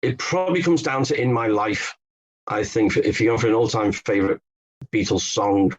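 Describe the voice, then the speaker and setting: A fairly low male voice at normal speed comes through a muffled recording with a little hiss or hum. The speaker, an author and Beatles specialist from England, tells stories and explains things as a podcast guest, with some fillers and restarts.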